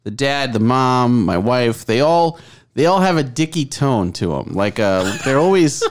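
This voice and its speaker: A man co-hosting a podcast in casual chat, rambling and animated, often acting out other people's voices in his stories. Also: mid-range voice, measured pace. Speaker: podcast co-host.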